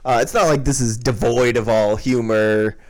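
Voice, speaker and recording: Measured, hesitant man reviewing films. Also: mid-range voice, fairly even intonation. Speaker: podcast co-host. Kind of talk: casual chat.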